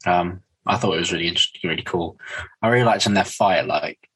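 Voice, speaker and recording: A man with a very deep, husky voice chatting casually on a podcast. His tone stays bright at the edges while his talk runs loose and laid-back, full of "like". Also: quick pace, low-quality recording. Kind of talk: casual comic-book discussion podcast.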